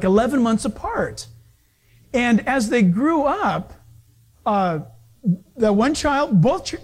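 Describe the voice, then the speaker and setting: High-voiced male pastor telling stories. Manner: storytelling, acts out other people's voices. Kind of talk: sermon.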